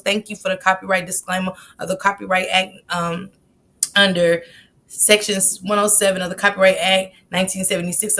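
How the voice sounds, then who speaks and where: A woman hosts a casual live stream. She chats in a lively way and greets viewers in the chat one by one by name. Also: medium pitch, slight background noise.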